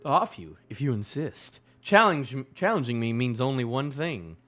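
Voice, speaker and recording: A man's voice: medium pitch, lively intonation, normal speed, fairly bright tone, soft background music, close to an everyday voice. A man voicing a cold, stern woman commander from a comic, reading her lines in a clipped, dismissive way.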